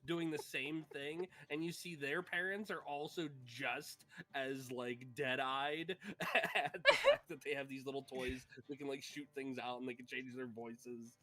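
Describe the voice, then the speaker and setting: A man's voice: mid-range voice, unhurried, few pauses, bright, forceful tone. A man running a tabletop game as game master, narrating scenes in a chatty way and laughing between lines.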